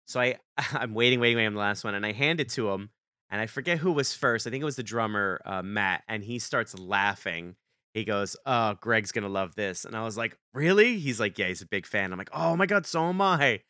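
A fairly low-pitched man with a bright, crisp voice, spinning a story for his podcast co-host in an animated way. He jumps up in pitch whenever he quotes someone. The sound is dry and close. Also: fairly quick, dry recording. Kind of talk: casual storytelling chat.

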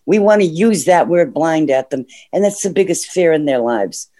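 A man's voice: a little high, expressive, moderate pace, warm tone. A man calling in to a discussion program, making earnest points and sometimes losing his train of thought. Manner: earnest, loses track of thoughts. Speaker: caller. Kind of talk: call-in comments.

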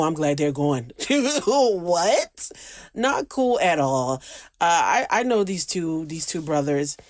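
Woman host, casual profane showbiz commentary, low-pitched, very dry close mic. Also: no echo. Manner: blunt, profane, laughing asides. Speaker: entertainment news host. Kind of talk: casual celebrity gossip commentary.

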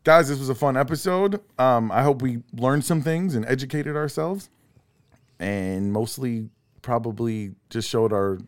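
A man's voice: medium pitch, unhurried, a little hiss or hum. A middle-aged man hosting a casual podcast, joking and laughing as he reads out call-in numbers and thanks sponsors. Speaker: podcast host.

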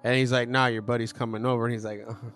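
A man tells a TV episode's plot to his friends in a loose, profane ramble. He slips into the characters' lines as he goes. His voice sits at an ordinary middle pitch. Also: little pitch movement, very fast, fairly bright tone, soft background music. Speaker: podcast co-host. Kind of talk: casual chat recapping a TV episode.

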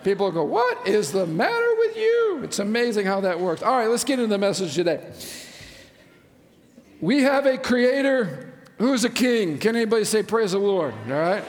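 A man's voice: high-pitched, expressive, normal speed. A male pastor preaching a sermon with enthusiasm, using frequent "uh" fillers and asking the congregation questions. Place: large church sanctuary. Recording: long church-hall reverb.

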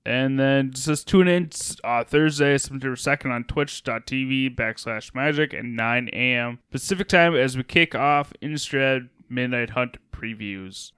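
A man co-hosting a casual gaming podcast, reading card previews with dry, deadpan teasing. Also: medium pitch, moderate pace, hardly any pauses, smooth, no room sound. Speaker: podcast co-host.

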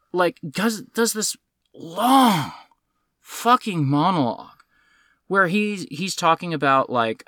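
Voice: medium pitch, sharp tone, no room sound, studio quality. A podcast co-host ranting about a film in casual chat, swearing often and sounding exasperated.

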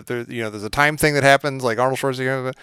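Male podcast co-host, smooth resonant voice, dry close mic, rambling with many restarts. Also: mid-range voice, fairly even intonation, rapid-fire, a bit bright, no room sound. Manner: rambling, self-interrupting, hesitant. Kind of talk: casual chat.

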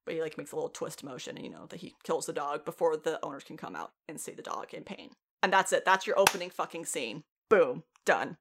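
A woman co-hosting a podcast, recapping a TV show in casual, animated chat, swearing freely and laughing often. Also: low-pitched, brisk, few pauses. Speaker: podcast co-host.

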